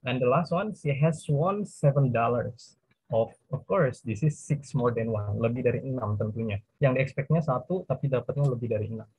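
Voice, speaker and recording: A young man with an Indonesian accent giving a class presentation as a student presenter, speaking haltingly with many fillers and self-corrections. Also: mid-range voice, a little mellow, breathy edge, dry recording. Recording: tinny phone-like dry recording.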